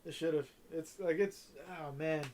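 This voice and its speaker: High-voiced, rambling young man. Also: darkish tone. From Southern California. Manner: rambling, profane, halting restarts. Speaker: podcast co-host. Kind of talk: casual chat.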